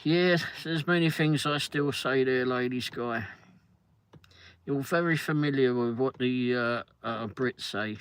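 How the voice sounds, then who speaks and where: Chatty Londoner on a livestream. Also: male voice, medium pitch, a little slow, fairly bright tone, clean tone. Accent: London English. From London, England. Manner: chatty, rambling, jokey, answers chat comments. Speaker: livestream host. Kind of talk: casual livestream chat.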